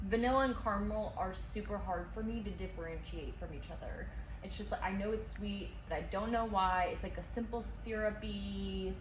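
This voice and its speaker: A woman tasting whiskey and chatting in a bubbly way, laughing often. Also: medium pitch. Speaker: whiskey taster. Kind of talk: casual tasting chat. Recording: echoey room with noise.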